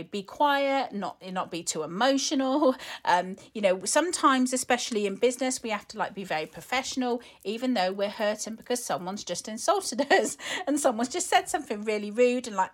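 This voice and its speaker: A woman speaks as a wellness coach in a casual monologue aimed at other women. She talks in a loose, chatty way, full of fillers. Her tone stays earnest and emotionally open. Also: medium pitch.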